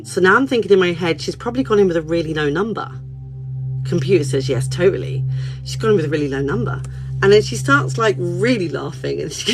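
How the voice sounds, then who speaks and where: A woman who works as a spiritual counsellor, chatting and telling stories on a phone livestream in an animated, casual way and swearing freely. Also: fairly low pitch, quick pace, rough recording. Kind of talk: casual livestream chat and storytelling. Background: soft background music.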